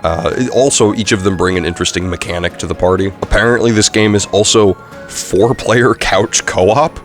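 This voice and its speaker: Young man, low voice, casual game review, rambling, filler words, faint background music. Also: normal speed. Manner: casual, rambling with many fillers and self-corrections.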